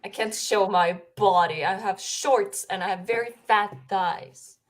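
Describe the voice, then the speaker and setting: A woman's voice: mid-range voice, a little slow, crowd noise. Giggly young woman chatting on a livestream. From Finland. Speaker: streamer host. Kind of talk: casual livestream chat.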